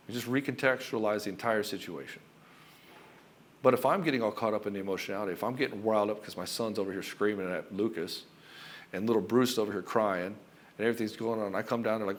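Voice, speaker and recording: A middle-aged man giving relationship advice as a coach, talking forcefully and emphatically and swearing freely. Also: lowish voice, fast. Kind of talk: direct-to-camera advice monologue.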